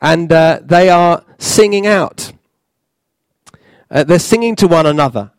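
Man, sermon, halting with fillers, somewhat high voice, dry sound. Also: no echo. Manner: halting, with many fillers and restarts. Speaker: preacher.

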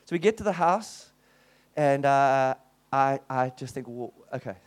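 Here the South African preacher uses a medium pitch and a measured pace as he shares his personal testimony. The story comes with lively vocal swings plus many restarts and asides.

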